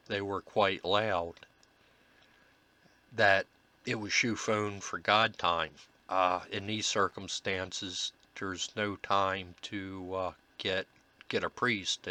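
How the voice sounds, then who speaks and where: A slow-talking man with a lowish voice and a sharp, bright edge to it. He explains his paranormal investigation recordings in an earnest, reflective way, pausing often on fillers as he gathers his thoughts. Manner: halting, many filler pauses. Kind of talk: narrated commentary over recordings.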